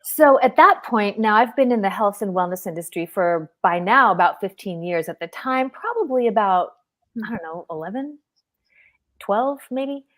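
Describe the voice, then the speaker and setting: A woman's voice: mid-range voice, animated, normal speed, fairly bright tone. A middle-aged woman telling a personal story as a guest on a live stream, speaking earnestly and vividly over a video call. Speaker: guest panelist.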